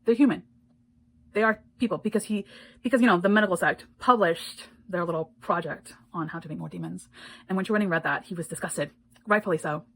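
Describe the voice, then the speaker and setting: A woman's voice: on the low side, fairly quick, creaky, rough recording. A woman giving a casual spoken book review, retelling the plot in a blunt, indignant way and swearing freely.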